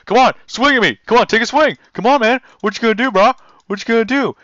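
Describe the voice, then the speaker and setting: A man's voice: extremely high pitch, quick pace, sharp tone, no room sound, highs cut off, voice pushed up. A man voicing a cocky, trash-talking machine boss that is looking for a fight. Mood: taunting. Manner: taunting street-tough swagger.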